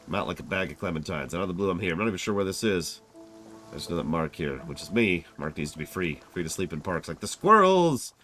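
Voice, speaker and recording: A man's voice: sits low, big pitch swings, quick pace, sharp tone, full character voice. A man voicing a rambling drifter who sleeps in parks and pleads to be let out, over faint music. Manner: rambling, self-referential, pleading.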